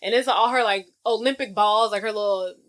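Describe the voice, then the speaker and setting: A woman co-hosting a podcast, casually retelling a film's plot in slang-filled, animated chat. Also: medium pitch, a little fast. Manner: animated storytelling with acted-out quotes. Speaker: podcast co-host. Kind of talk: casual movie recap chat.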